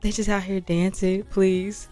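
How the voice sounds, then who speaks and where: A woman's voice: medium pitch, level tone, a little slow, warm tone. A young woman giving casual, slangy commentary while playing a life-sim game. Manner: chatty, slangy, narrates and voices sims. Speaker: gaming channel host. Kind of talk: casual let's-play commentary. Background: background music.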